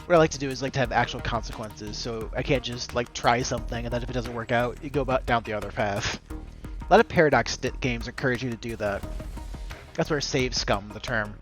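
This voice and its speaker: A man gives rambling, joking commentary while playing a game on stream, speaking to his viewers directly. His voice sits at a middle pitch, with game music behind it. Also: a little fast, fairly bright tone. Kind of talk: casual gameplay commentary.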